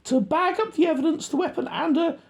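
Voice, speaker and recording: Guy doing a squeaky young soldier on the radio, keeps going uh uh, sounds a bit distant. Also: gravelly. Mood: hesitant. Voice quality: high strained put-on voice. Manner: halting, full of uh pauses. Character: young male soldier radioing base, hesitant.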